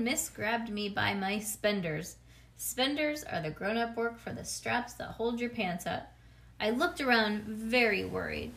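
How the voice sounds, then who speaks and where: A woman reading a children's book aloud to a child, expressive and playful, chatting between passages. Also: mid-range voice, measured pace, creaky.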